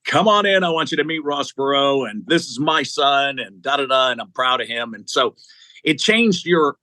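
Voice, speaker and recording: A middle-aged executive search CEO, guesting in an interview, tells stories animatedly and acts out the people he quotes. His voice is medium-pitched and the recording dry.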